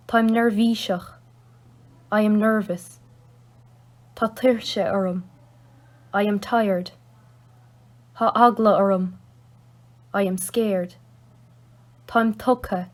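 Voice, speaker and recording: A woman's voice: mid-range voice, steady tone, extremely slow, pauses often. A woman with a Kerry Irish accent reading a phrase lesson aloud, saying each Irish word and then its English meaning. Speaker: language teacher reading a phrasebook.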